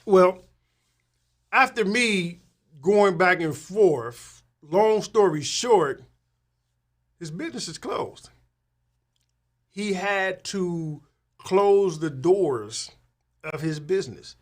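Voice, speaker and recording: A man, a tax professional, talking casually to his audience, rambling with many restarts and asking "right?" often, getting animated when he retells conversations. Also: sits high, slow pace, long pauses.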